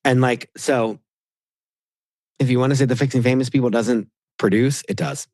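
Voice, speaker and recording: Man, podcast guest, mid-pitched, emphatic, rhetorical, dry close sound. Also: moderate pace, no room sound. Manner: animated, emphatic, rhetorical questions. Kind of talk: casual chat.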